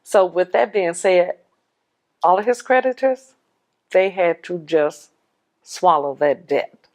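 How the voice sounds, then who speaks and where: Lowish-voiced woman telling her story. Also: takes it slowly. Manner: animated storyteller acting out dialogue. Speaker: widow sharing her story. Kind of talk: personal testimony.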